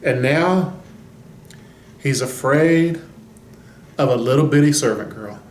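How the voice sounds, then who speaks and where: A man's voice: medium pitch, slow pace, a little mellow, a little hiss or hum. A man giving a short devotional as a pastor, telling the story with folksy humor. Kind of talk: devotional talk. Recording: roomy echo.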